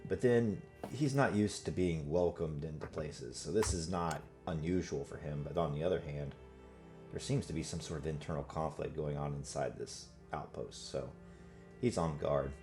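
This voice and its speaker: A man's voice: extremely low pitch, moderate pace, darkish tone, faint music behind. A man playing a tabletop game, describing his character thoughtfully and with some hesitation. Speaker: player.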